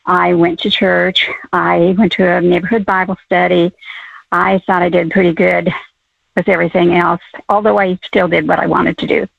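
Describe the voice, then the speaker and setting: An older woman calling in to a radio program, telling her story haltingly with many fillers. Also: fairly low pitch, flat delivery, gravelly, no room sound. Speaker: caller. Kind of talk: call-in testimony. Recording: phone line.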